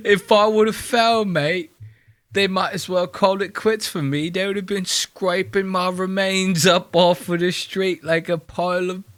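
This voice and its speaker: A man's voice: high voice, fairly bright tone, voice pushed up. A man putting on a twee, giddy young British man in a put-on mock-British whine. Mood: flustered.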